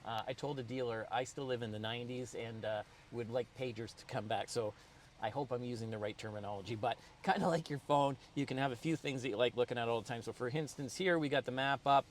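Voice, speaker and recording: A man's voice: medium pitch, fast talker, slight background noise. A middle-aged man giving a casual, upbeat car review from the driver's seat, chatty with plenty of ums and asides. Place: inside a car, driving.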